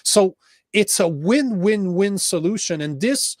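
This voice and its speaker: A man's voice: sits high, expressive, takes it slowly, no echo, studio quality. A man with a Quebec French accent, co-hosting a casual political podcast, emphatic and profane, often restarting his sentences. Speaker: podcast host.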